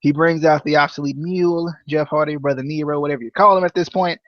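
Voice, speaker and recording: A man's voice: on the high side, steady tone, fast, dry recording, lo-fi sound. A man hosting a casual wrestling review podcast, rambling with lots of fillers, restarts and laughter. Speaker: podcast host.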